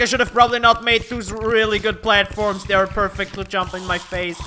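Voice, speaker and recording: A man commentating his own gameplay in an excitable, swearing way. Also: high voice, moderate pace, hardly any pauses, slight background noise. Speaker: gaming YouTuber.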